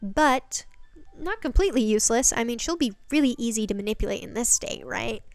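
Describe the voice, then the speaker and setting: A woman's voice: a little high, animated, fairly quick, creaky, no echo. A woman voicing a smug, callous male villain in an offhand, flippant way.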